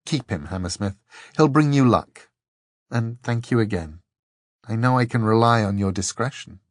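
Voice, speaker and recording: A man voicing a lively, cheerful young woman in an audiobook. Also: on the low side, moderate pace, dry recording, clean studio sound, lightly acted. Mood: eager. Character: bright eager young woman.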